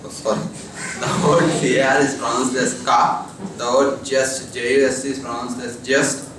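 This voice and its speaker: Young man, flat voice, spells words with slips, heavy echo, distant mic. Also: mid-range voice, normal speed, background noise. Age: young adult. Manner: spells words letter by letter, stumbles and corrects himself. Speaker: student presenter. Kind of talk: classroom pronunciation presentation. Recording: very echoey classroom from far off.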